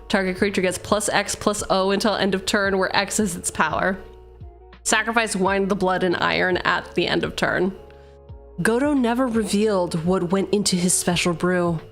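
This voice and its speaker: With a mid-range, slightly bright voice, a young woman streams herself building a card-game deck. She hosts casually, teasing and joking while reading card text between bits of banter.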